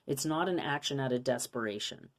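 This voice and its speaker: A woman's voice: extremely low pitch, fairly quick. A woman giving a casual spiritual card reading to her viewers, earnest and coaching, with many rhetorical questions. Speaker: intuitive card reader.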